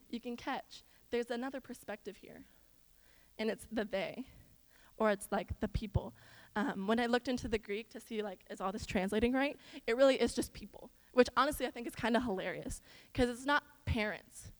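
A young woman from the Midwest delivers a casual sermon as a children's minister. Her voice sits high, and she swings between loud, emphatic exhortation and quiet, slangy asides. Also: normal speed, poor audio.

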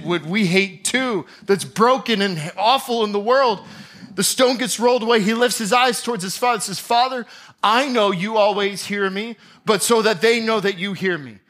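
A man's voice: sits high, fairly bright tone. A man preaching a sermon, telling a Bible story with drama and acting out the scenes. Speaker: pastor.

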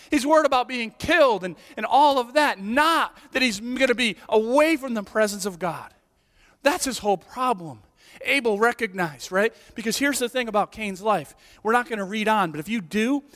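A man preaching a sermon, emphatic and animated, his voice climbing high when he quotes. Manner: emphatic, rising to near-shouts on quoted lines. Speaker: pastor. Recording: long hall reverb.

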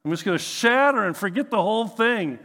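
A man's voice: animated, brisk, big-room sound, heavily acted. A man voicing a fed-up talking ship. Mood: exasperated. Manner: high, loud, exasperated complaining. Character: talking wooden ship about to break apart, fed-up.

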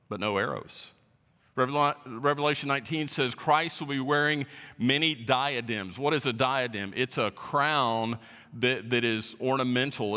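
A man preaches to his congregation in a church sanctuary, leaning hard on key words as he teaches verse by verse. His voice is bright and forceful, and it rings with a long hall reverb. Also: medium pitch. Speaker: pastor. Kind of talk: sermon.

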